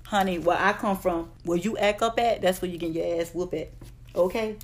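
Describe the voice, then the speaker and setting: A woman's voice: on the low side, moderate pace. A woman giving blunt, profane relationship advice in a casual vlog rant, calling her listeners "honey". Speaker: advice vlogger.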